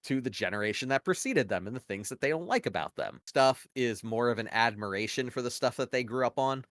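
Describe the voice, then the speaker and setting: A man's voice: mid-range voice, lively intonation, a little fast, a bit bright, no room sound, studio quality. Opinionated man in casual podcast talk. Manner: rambling, heavy use of "like" and "you know" fillers; opinionated, argues points at length. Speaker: podcast co-host. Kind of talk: casual conversational analysis.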